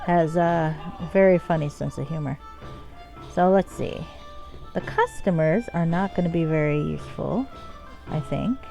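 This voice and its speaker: A woman streaming a game and chatting casually, jokey and quick to laugh. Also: low voice, vocal fry, dark tone, poor audio. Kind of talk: casual gameplay commentary. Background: faint game music.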